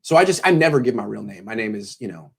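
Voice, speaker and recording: A man's voice: fairly low pitch, lively intonation, fast talker, vocal fry, slightly rough. A tired man hosting a pregame sports show, talking casually with jokes and self-deprecating tangents. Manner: joking, self-deprecating, meandering.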